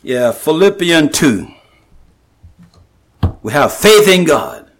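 A man preaching a sermon, emphatic and repetitive, slowing down to stress the scripture he quotes, with halting restarts. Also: a little high, big pitch swings. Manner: slows and rises to stress scripture.

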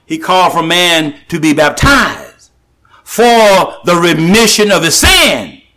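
Male preacher, high and animated voice, emphatic sermon delivery with frequent restarts. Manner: emphatic, repetitive, with halting restarts; slows and rises to stress scripture.

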